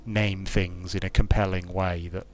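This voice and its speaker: This British man's voice sits low, with a flat delivery and a measured pace. A game designer from the United Kingdom, he streams a strategy game and muses aloud in casual, digressive commentary.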